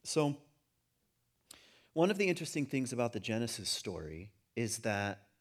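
A middle-aged man speaks to a gathering in an unscripted lecture, his voice sitting at an ordinary pitch. He drifts between casual asides and bursts of animated emphasis. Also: normal speed. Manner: conversational, rising to animated emphasis. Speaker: speaker on religion and home. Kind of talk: informal lecture to a group.

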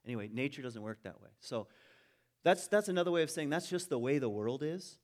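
A man's voice: mid-range voice, animated, brisk. A man giving a reflective talk in a casual, musing way, with frequent ums and dry humor.

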